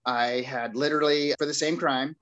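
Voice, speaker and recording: A man's voice: fairly high pitch, normal speed, lo-fi sound. A man from the United States recounting his past in casual storytelling. He is candid and laughs at himself, and he acts out the lines of the other people in his story. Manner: animated, acts out dialogue with others. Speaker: guest telling his recovery story.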